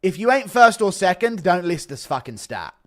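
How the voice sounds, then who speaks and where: A man's voice: high voice, big pitch swings, moderate pace, no echo, clean studio sound. Wry, jokey male streamer. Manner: wry, jokey, reading donations aloud. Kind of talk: casual live-stream commentary.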